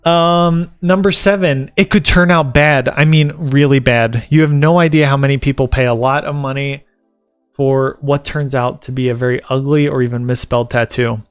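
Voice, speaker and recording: A man's voice: medium pitch, fairly even intonation, moderate pace, clean tone, dry recording, faint music behind. A man from the American South, a vlogger and tattoo apprentice, chatting casually to camera and reading article points aloud before riffing on them with jokes. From Southern United States. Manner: rambling and joking, reads article points aloud and riffs on them.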